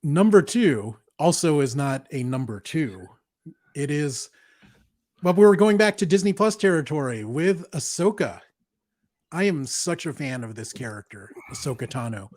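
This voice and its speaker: A man's voice: on the high side, expressive, moderate pace, darkish tone, no room sound. A man co-hosting a podcast, chatting casually as an enthusiastic fan who laughs easily. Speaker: podcast co-host. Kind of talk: casual chat.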